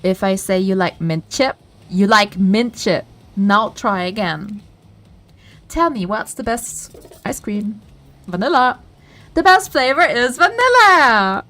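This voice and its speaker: A woman's voice: medium pitch, slow. A woman reading out a domineering, smug game character who taunts the player and claims control over them. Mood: bossy taunting.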